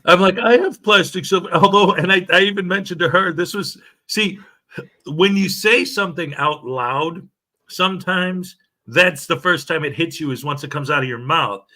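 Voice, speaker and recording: A man's voice: fairly high pitch, normal speed, sharp tone. A man hosting a casual morning livestream, chatty and jokey as he reads viewer comments aloud. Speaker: livestream show host.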